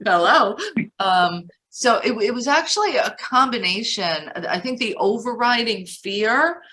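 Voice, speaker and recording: A woman co-hosting a casual chat, telling stories in a lively, animated way. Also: a little high, measured pace. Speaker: co-founder and co-host.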